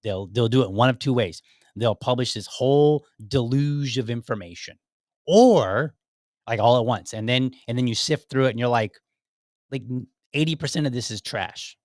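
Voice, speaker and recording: A man hosting his own podcast, talking through political commentary in a rambling, animated way and acting out what other people said. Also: mid-range voice, moderate pace, no echo, studio quality. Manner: rambling and animated, with frequent restarts and acted-out quotes. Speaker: podcast host.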